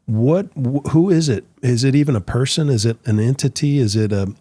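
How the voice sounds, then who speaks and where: A man hosting a podcast, asking questions in a relaxed, halting way and often restarting his words. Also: medium pitch, husky, no echo. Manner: easygoing, hesitant, repeats words while forming questions. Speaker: podcast host. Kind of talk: casual interview chat.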